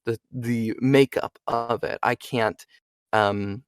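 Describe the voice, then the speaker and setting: A man's voice: medium pitch, takes it slowly, smooth, no echo, clean studio sound. A young adult man, a voice actor, chatting casually in an interview with lots of fillers. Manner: animated, chatty, frequent fillers. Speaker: voice actor guest.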